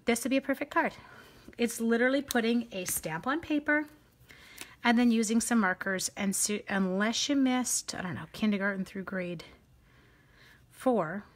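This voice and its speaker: A middle-aged Canadian woman with a Canadian accent, chatting to viewers as she demonstrates a live stamping craft. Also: mid-range voice.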